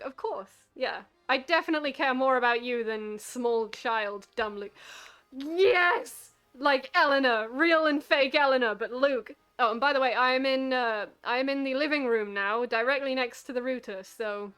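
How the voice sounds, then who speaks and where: Playful woman streamer chatting over a game, higher voice, faint music. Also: a bit bright, clear, resonant tone. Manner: giggly, playful. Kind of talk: casual game commentary. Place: living room.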